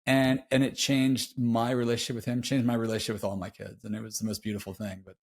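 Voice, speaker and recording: Middle-aged man, medium pitch, casual slangy podcast guest, heartfelt confessional storytelling. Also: little pitch movement, fast talker. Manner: laid-back, slangy, peppers speech with "dude".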